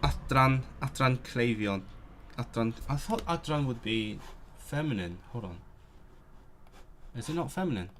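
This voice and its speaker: A man's voice: medium pitch, animated, a little slow, a bit bright, slight background noise. A man live-streaming his language study, thinking aloud and sounding out words, correcting himself as he goes. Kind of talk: casual live stream talk.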